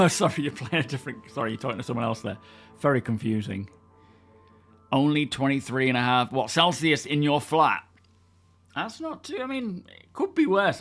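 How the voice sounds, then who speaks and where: A man's voice: mid-range voice, fairly bright tone. A man, casually chatting with live-stream viewers and greeting them by name. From England. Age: 30s. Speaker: game streamer reading live chat.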